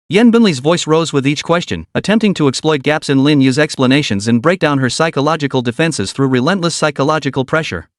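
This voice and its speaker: A man's voice: on the high side, animated, fairly quick, few pauses, no echo, studio quality. A man narrating a scripted story in a dramatic recap reading.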